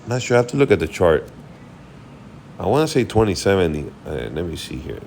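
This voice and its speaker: Casting: weary male host, very low voice, loose unscripted market chat, faint hiss. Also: big pitch swings, brisk, a little mellow. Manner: rambling, thinks aloud while checking charts. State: tired, yawning. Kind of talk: casual market recap.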